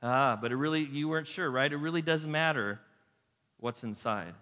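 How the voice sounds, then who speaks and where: A man preaching a lively sermon as a pastor, telling stories and acting out voices. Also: on the high side, normal speed. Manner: lively storytelling with acted-out voices. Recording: echoey hall.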